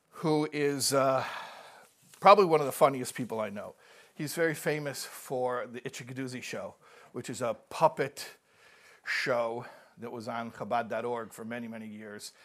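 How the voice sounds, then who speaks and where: A man giving a live talk, telling jokes and acting out the characters, often restarting and repeating words. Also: mid-range voice. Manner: animated joke-telling, acts out characters.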